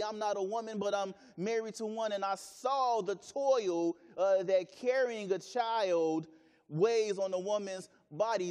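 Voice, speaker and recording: A man's voice: high-pitched, darkish tone, big-room sound. A man preaching a sermon, earnest and repeating phrases for emphasis.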